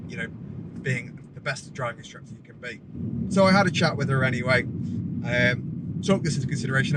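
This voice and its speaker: A man, a driving instructor, telling a story in a rambling, animated way with many restarts. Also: mid-range voice, very noisy. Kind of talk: casual storytelling vlog. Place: outdoors by a parked car.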